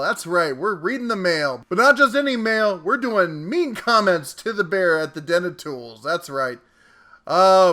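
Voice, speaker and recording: Hosting a tool channel, a man reads mean viewer comments aloud in a high, pushed, bright voice. His delivery is playful and jokey, and he chuckles between lines.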